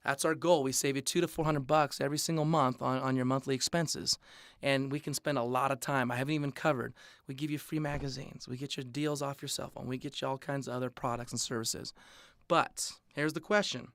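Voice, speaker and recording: A man's voice: mid-range voice, fairly even intonation, a little fast, a bit bright, no echo, clean studio sound. A man giving an upbeat, conversational sales presentation, throwing rhetorical questions at his audience. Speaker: business opportunity presenter.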